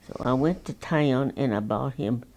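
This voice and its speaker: A woman's voice: rumbling low, normal speed, darkish tone. A woman, telling oral history stories in a folksy, rambling, plainspoken way. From Texas. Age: 90s. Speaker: interviewee.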